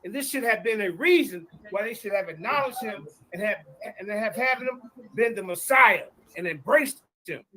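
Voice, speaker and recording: A man's voice: sits high, expressive, moderate pace, sharp tone, a little hiss or hum, low-quality recording. A man debating over a video call, reading scripture aloud with preachy emphasis.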